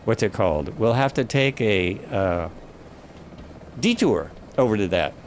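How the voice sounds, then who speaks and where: This man's voice is fairly low-pitched and animated, his pace a little slow, with a faint hiss or hum behind it. Streaming a flight simulator, he chats casually and thinks aloud as he plays, often stopping to correct himself.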